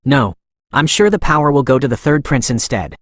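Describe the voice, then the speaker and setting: A man voicing an arrogant, cruel young male prince who rants and then begs, read in a recap narration with a mid-pitched voice in a dry recording. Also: lively intonation, fairly quick, dry recording, natural voice. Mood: fearful sneering. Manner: ranting, then begging.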